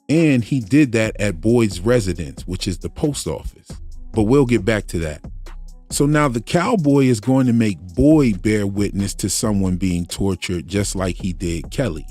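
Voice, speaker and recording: A low-voiced man analyzing TV theories. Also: a little mellow. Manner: conversational, reasoning aloud. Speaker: YouTube theory channel host. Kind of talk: casual analytical commentary.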